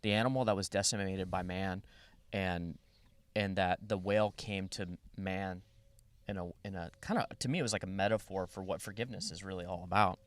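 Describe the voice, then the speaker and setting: A man appearing as a podcast guest, telling a long story in a rambling, animated way with many restarts. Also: low voice, a little fast, no echo. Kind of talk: casual storytelling.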